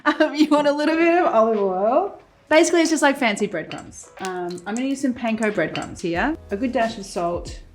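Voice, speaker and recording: A woman's voice: fairly high pitch, expressive, brisk. Chatty woman cooking over a sizzling pan. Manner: chatty, explains each step as she cooks. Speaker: cooking show host. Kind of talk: casual cooking demonstration. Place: home-style kitchen, cooking at the stove. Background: sizzling pan and soft music.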